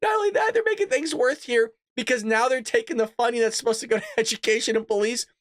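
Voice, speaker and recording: A man's voice: very high-pitched, quick pace, no echo, clean studio sound. A man hosting a political commentary show, reading news stories aloud and ranting sarcastically, often laughing as he reads.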